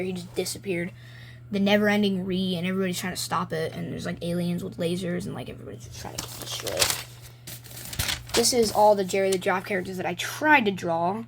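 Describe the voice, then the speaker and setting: A woman's voice: fairly low pitch, a little hiss or hum. A woman vlogging casually and rambling, with many ums and likes, as she shows her own drawings. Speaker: video maker. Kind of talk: casual show-and-tell vlog.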